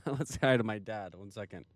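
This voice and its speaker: A man hosting a podcast in casual chat, playful and quick to laugh, recording while driving around. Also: on the low side, no room sound. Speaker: podcast host. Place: in a car and outdoors, recording on the go.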